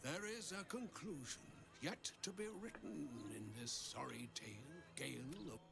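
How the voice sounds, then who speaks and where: An actor playing an ancient, wise male wizard in a video game, speaking to a younger mage as a cryptic mentor with a gravelly, measured delivery. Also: a little high, very animated. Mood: solemn counsel. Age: older. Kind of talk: game voice acting. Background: game music.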